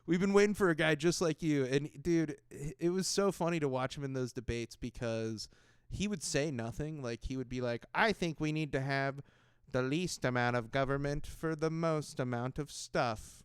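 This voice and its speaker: A man hosting a podcast in casual chat, telling stories in an animated way, laughing often and acting out other people's lines. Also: mid-range voice, normal speed, clean tone, no room sound, studio quality. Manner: animated storytelling, laughs often, acts out voices. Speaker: podcast host.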